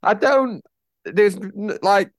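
A man's voice: high-pitched, animated, slow, dry recording, studio quality. A man co-hosting a podcast, telling jokey rambling stories in casual chat. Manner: rambling, jokey storytelling with fillers. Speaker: podcast co-host.

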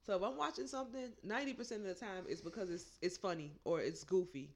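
A woman co-hosting a podcast, with loud, laughing reactions and quick quips in casual chat. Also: mid-range voice. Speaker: podcast co-host.

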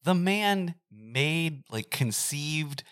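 A woman's voice: low voice, expressive, very slow, clean tone. A woman in her forties chatting casually as a podcast co-host, swearing freely and acting out film scenes in quoted voices. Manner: profane, joking, acts out scenes in quoted voices. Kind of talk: casual chat reviewing a film.

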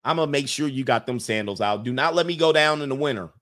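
A man's voice: mid-range voice, quick pace, fairly bright tone. Jokey man reading out chat messages. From Southern California. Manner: loose, jokey, talks back to chat messages. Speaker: livestream host reading chat. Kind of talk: casual chat.

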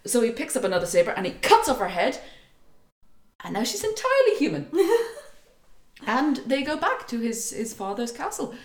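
A woman's voice: a little high, sing-song, moderate pace, roomy sound. A woman retelling a folk tale in casual chat, acting out voices and laughing often. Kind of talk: casual storytelling.

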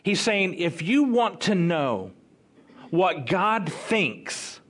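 A man preaching a sermon, slow and emphatic, with dramatic pauses. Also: sits high, very animated, fairly bright tone.

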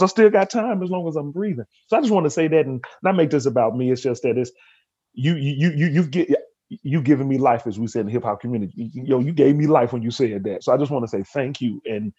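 A man's voice: mid-range voice, animated, fast, warm tone, breathy edge, lo-fi sound. A man hosting a podcast interview, rambling with many restarts and openly moved. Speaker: podcast host. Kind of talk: emotional interview conversation.

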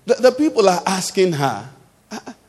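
A man's voice: high-pitched, very animated, normal speed, darkish tone, slightly rough, big-room sound. A male pastor preaching a sermon to his congregation, emphatic, throwing questions out for the crowd to answer. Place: church hall.

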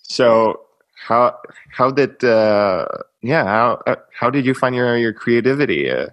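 A man's voice: medium pitch, expressive, a little slow, a bit bright, no room sound, highs cut off. A man hosting a podcast interview, asking questions in a friendly way and chiming in often with short affirmations. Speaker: podcast host. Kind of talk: casual interview conversation.

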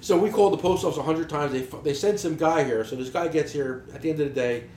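A man's voice: fairly high pitch, quick pace, a little mellow, echoey room, slight background noise. A man, telling stories in casual chat with blunt, profane language. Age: 40s. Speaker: podcast co-host, business owner.

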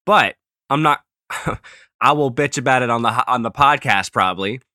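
Blunt man, bright dry voice. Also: medium pitch, moderate pace, dry recording. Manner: blunt, jokey. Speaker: podcast co-host. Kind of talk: casual podcast chat.

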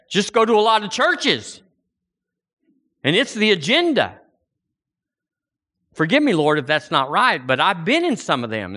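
Male preacher, high and bright, animated sermon delivery. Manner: animated preaching, swinging pitch and volume.

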